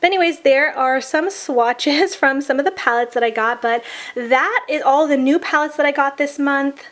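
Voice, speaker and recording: A woman with a sick-sounding voice, chatting in a casual makeup review vlog in a gushing, soft-spoken way. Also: high voice, moderate pace. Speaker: beauty vlogger.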